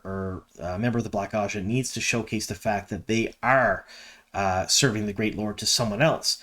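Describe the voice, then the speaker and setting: Chatty enthusiastic man from Canada. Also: medium pitch. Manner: chatty and enthusiastic, many ums. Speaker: fan video host. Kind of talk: casual fan commentary.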